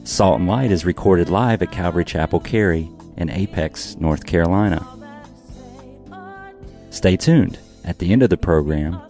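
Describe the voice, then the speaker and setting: A man announcing a radio ministry program in a smooth, measured, scripted introduction. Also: low voice. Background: soft guitar music.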